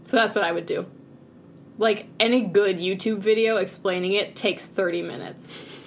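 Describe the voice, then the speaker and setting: A woman's voice: medium pitch, fairly even intonation, normal speed, slight background noise. A woman co-hosting a podcast in casual chat, rambling cheerfully and laughing often. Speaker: podcast co-host.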